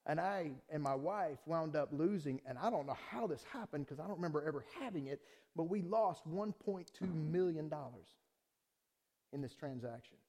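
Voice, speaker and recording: A middle-aged man preaches to his church with a fairly high voice. He talks through a personal story in plain, conversational terms, dropping to quiet asides and rising to loud, heated outbursts. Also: lively intonation, normal speed. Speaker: pastor. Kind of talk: sermon with personal testimony.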